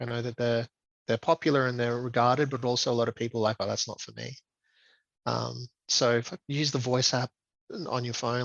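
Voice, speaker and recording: A man being interviewed as a guest, speaking in a reflective, measured way with frequent ums. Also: medium pitch, a bit bright, no room sound, dull audio. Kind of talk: conversational interview.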